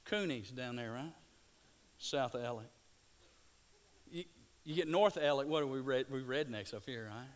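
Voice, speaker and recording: A man from Louisiana, preaching a sermon and swinging between hushed, slow passages and loud, excited bursts. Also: medium pitch. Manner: dynamic, swings from hushed to shouting. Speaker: pastor.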